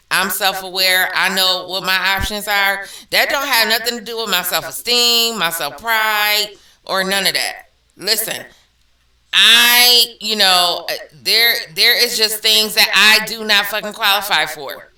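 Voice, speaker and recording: A woman's voice: medium pitch, unhurried, pushed and bright, far from the mic. A woman vlogger reading out and reacting to viewer comments in a blunt, slangy, emphatic way, laughing often. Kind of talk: casual commentary. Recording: echoey room, off-mic.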